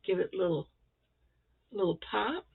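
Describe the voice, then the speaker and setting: A woman chatting casually and excitedly as she shows off crochet squares for a vlog. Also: medium pitch, moderate pace, vocal fry, breathy edge. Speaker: crochet vlogger. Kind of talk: casual show-and-tell chat. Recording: tinny phone-like sound.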